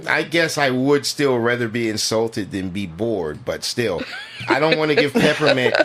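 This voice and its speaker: A man's voice: medium pitch, normal speed. A man co-hosting a casual movie review podcast, ranting with lots of swearing and acting out what characters say. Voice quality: profane, animated ranting with mimicked quotes. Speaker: podcast co-host.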